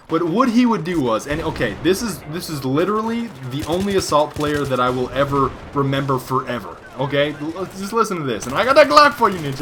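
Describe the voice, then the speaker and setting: A man's voice: fairly high pitch, a bit bright, slight background noise. A man giving joking, rambling gameplay commentary. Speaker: gaming commentator.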